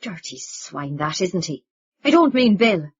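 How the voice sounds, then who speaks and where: Woman playing older Irish dad, lilting and confiding, husky, dull sound. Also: on the low side, sing-song, unhurried, full character voice. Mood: stern. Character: older Irish father, warm, rambling, self-mocking man.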